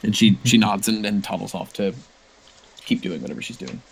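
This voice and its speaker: A man's voice: on the low side, steady tone, brisk, creaky, husky, poor audio. A man narrating a tabletop role-playing game as game master, with many fillers and restarts.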